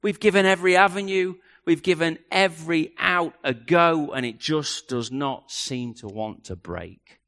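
A middle-aged man preaching a sermon, swinging from loud questions down to near hushes. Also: a little high, unhurried, hardly any pauses. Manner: dramatic, rising and dropping to near hush. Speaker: pastor.

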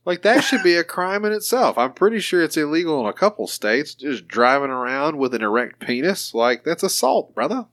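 A man's voice: fairly quick, few pauses. A man co-hosting a podcast, joking crudely, swearing often and breaking into laughter. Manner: laughs often, swears, lively swings in pitch. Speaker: podcast co-host. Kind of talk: crude comedic banter.

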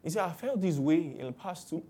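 A woman preaching a sermon, lively and acting out the voices of people she quotes. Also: fairly low pitch, fairly quick, husky. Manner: animated, acts out quoted voices with exclamations.

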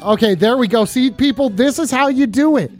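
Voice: mid-range voice, brisk, soft background music. Goofy tipsy streamer reading chat. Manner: goofy, reads chat questions aloud.

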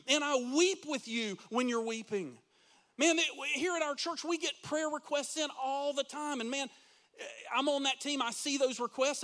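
A man's voice: very high-pitched, pushed and bright. A middle-aged male pastor preaching a sermon in a church, full of rhetorical questions to the congregation. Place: church sanctuary.

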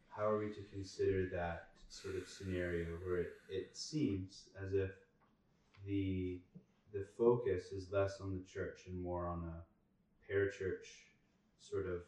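Deep-voiced man asking from across a room. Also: a little mellow, recorded from a distance, slight background noise. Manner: long, winding question with hesitations. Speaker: class participant. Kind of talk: asking a question in class. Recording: roomy echo, off-mic.

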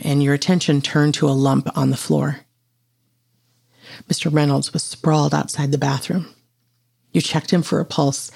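Husky, gravelly storyteller. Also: male voice, a little high, darkish tone. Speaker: narrator. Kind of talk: second-person horror story narration.

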